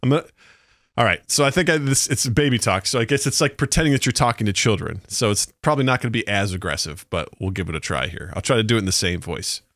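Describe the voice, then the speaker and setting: A man hosting a podcast in casual chat, lively and jokey, often laughing. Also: lowish voice, fast, dry recording, studio quality. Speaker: podcast host.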